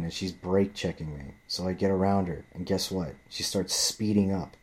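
A man's voice: deep voice, normal speed. A man ranting in a profane, rambling monologue, often restarting and repeating himself.

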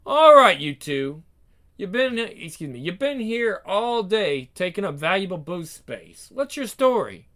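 A man voicing a brash, bossy waitress with a pushy, loud manner. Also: sits high, very animated, measured pace, exaggerated voice. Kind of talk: one-man script reading.

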